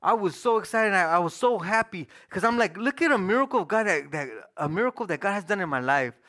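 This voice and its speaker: A middle-aged man preaching a personal testimony in casual, slang-filled storytelling that swings between loud and hushed. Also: high voice, animated, quick pace. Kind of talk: sermon testimony.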